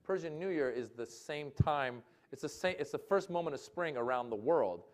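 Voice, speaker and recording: Animated man telling comic stories. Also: on the high side, normal speed. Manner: animated, self-interrupting, loud mimicry in jokes. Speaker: comedian and guest speaker. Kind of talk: casual conversational storytelling. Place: lecture hall forum with audience.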